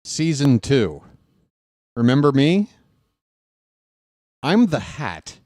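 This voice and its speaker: Animated, excitable play-by-play man. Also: medium pitch, extremely slow, no echo, studio quality. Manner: excitable and jokey, swinging from shouted calls to mutters. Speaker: play-by-play host. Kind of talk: casual live fan commentary.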